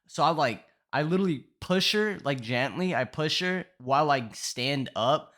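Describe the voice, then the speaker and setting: A man's voice: on the high side, animated, moderate pace, a bit bright. Slang-heavy young man rambling a story. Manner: profane slang-heavy rambling with constant fillers. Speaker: vlogger telling a storytime. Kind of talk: casual storytelling.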